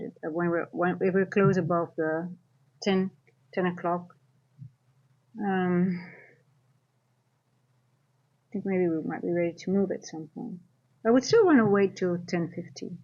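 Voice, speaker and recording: A woman's voice: fairly low pitch, darkish tone, highs cut off. A woman streaming live from home as a futures trader and coach, chatting casually and thinking aloud as she rambles through her trades. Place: at home, near a kitchen.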